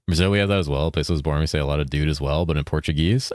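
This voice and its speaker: Racing along in a very deep voice, a man from California streams a game and keeps things relaxed with his viewers. He reads the chat out loud, curses a lot and can't stop saying "dude." The recording is studio quality, with no echo.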